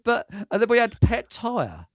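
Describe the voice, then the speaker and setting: A man's voice: very high-pitched, huge pitch swings, unhurried, no room sound. A man hosting a casual live-stream chat, telling stories in a rambling, hesitant way with many fillers. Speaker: host.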